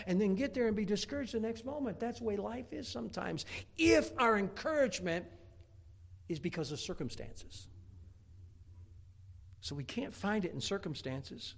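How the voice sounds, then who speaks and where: Folksy high-voiced preacher. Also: male voice, animated, normal speed, vocal fry, husky. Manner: folksy, humorous storytelling with rising emphatic bursts; stammers repeated words. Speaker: pastor. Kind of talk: sermon.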